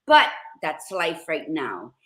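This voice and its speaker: A woman's voice: sits low, huge pitch swings, slow, pushed and bright. A woman co-hosting a podcast, talking bluntly and animatedly and swearing freely. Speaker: podcast co-host. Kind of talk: candid podcast chat.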